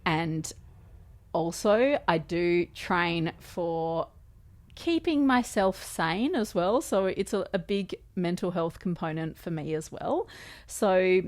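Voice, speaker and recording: A woman's voice: fairly low pitch, slow. A woman in her thirties with an Australian accent, chatting casually and telling a story to the camera with lots of fillers. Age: 30s. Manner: chatty, lots of fillers, quoting others in conversation. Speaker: vlogger.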